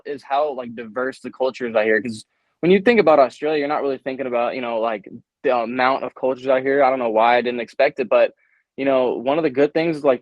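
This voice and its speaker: A young man talking as an interview guest, energetic and slangy, full of hype. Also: medium pitch, dry recording. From United States. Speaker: guest, baseball prospect. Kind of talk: casual interview chat. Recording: dull, dry remote call audio.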